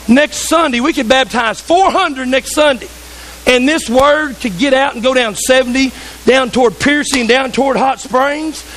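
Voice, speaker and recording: A man's voice: extremely high pitch, fairly bright tone, slight background noise, rough recording. A man preaching a sermon in a church, fervent and conversational, with asides to the congregation. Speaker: pastor.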